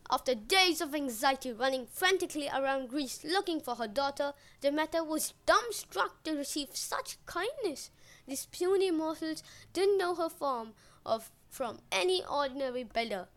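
Storyteller, female, high voice; casual myth retelling with jokey asides. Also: lively intonation, normal speed. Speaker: podcast storyteller.

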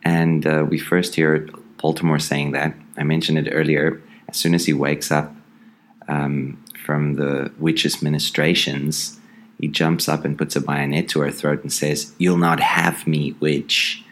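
Very deep-voiced man musing thoughtfully. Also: little pitch movement. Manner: thoughtful and halting, with frequent ums and restarts. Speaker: podcast host. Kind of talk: casual review of a horror comic.

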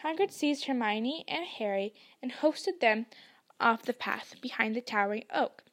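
High-voiced woman reading a story. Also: expressive, a little slow, a bit bright. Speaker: podcast reader. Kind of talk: audiobook narration.

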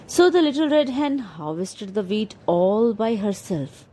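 Slow-reading woman storyteller. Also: medium pitch, animated, mellow.

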